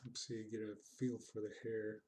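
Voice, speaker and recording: A man's voice: fairly low pitch, little pitch movement, normal speed, mellow, a little hiss or hum. A man streaming his drawing, chatting casually, reading out chat comments in a rambling, self-deprecating, goofy way.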